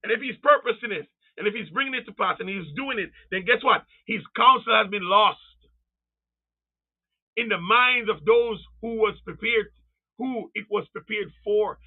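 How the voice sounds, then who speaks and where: A man preaching a fervent sermon, calling out to his listeners, drawing out quoted scripture slowly and rising into cries and shouts. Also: sits high. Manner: calls out to the audience. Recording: tinny phone-like sound.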